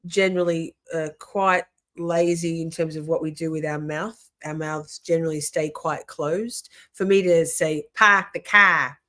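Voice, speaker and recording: A woman's voice: deep voice, steady tone, unhurried. An Australian woman hosting a livestream, chatting casually and rambling with many restarts as she reacts to a video and reads chat comments. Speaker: livestream host.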